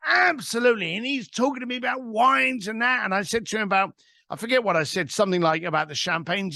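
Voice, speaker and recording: A man's voice: sits high, fast talker, vocal fry, pushed and bright, no room sound, studio quality. A man, a guest telling an anecdote in an interview. He acts out both sides of a phone call. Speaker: guest, author. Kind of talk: storytelling interview.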